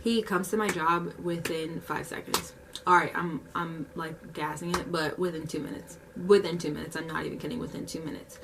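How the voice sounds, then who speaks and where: A young woman vlogger telling a casual story, animated, acting out the quotes and saying "like" a lot. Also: low-pitched, moderate pace, creaky, distant mic, noisy background. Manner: animated storytelling, heavy use of "like", acts out quotes.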